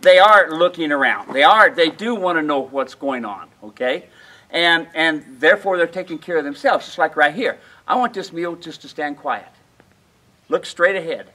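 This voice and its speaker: A man with a high, bright voice teaches mule handling outdoors at a ranch. He is folksy and emphatic and keeps checking in with his listeners. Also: animated, normal speed, rough recording. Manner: folksy, emphatic, asks the audience questions. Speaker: mule trainer. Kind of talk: outdoor training demonstration.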